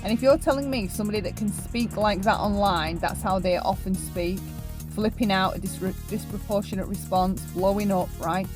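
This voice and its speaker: A woman's voice: mid-range voice, moderate pace, over music. A woman hosting an opinion commentary, talking emphatically and often tagging her points with a question. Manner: emphatic, keeps asking "right?". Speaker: commentary channel host.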